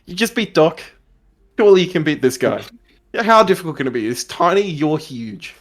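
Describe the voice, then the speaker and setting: Tabletop player, playful, laughing, lively pitch. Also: a little fast. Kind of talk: casual tabletop game chat.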